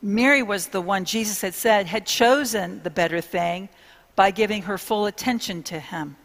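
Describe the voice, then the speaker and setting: A woman preaching a sermon, speaking to her listeners in an earnest, intimate way with hushed pauses. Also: mid-range voice, long reverb tail.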